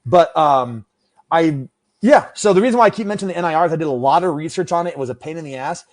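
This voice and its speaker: A man's voice: a little high, lively intonation, quick pace. A man chatting casually on a podcast about the gear he makes, rambling and self-deprecating, swearing freely. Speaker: podcast guest, gear maker. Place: room with adjustable lights.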